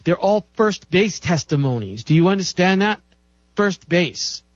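A man's voice: high-pitched, animated, a little slow, dry recording. A man giving an impassioned health lecture in a preachy, emphatic way, chanting repeated lists. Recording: dull dry recording.

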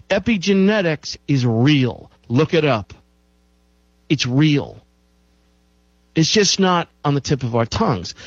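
Emphatic man with a higher voice, dry lo-fi. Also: dry recording. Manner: emphatic, repeats key phrases for effect. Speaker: show host. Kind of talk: health talk monologue.

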